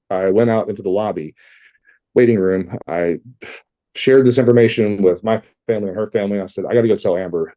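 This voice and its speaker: A middle-aged man from Texas speaks in a low, very dark, mellow voice. He tells his story candidly as a podcast guest, with loose fillers and blunt asides. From Texas, USA. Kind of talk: personal storytelling in an interview.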